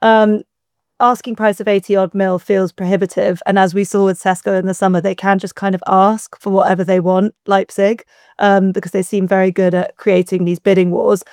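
A woman's voice: medium pitch, little pitch movement, darkish tone, smooth, no echo, studio quality. Wry woman talking football. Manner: measured, wry, analytical. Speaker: podcast guest. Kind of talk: casual football chat.

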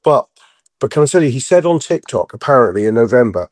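A man's voice: mid-range voice, big pitch swings, fast, no room sound, studio quality. Joking man hosting football talk. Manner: jokey, self-deprecating, rambling. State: sick with a cold. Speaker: podcast host. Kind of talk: casual football chat.

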